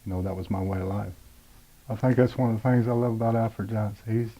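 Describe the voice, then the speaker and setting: Blunt forties man giving personal testimony, low, dark voice, level and unshowy. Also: steady tone, fast, poor audio. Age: 40s. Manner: plain-spoken, blunt, many "uh" and "you know". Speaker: rehab program graduate telling his story.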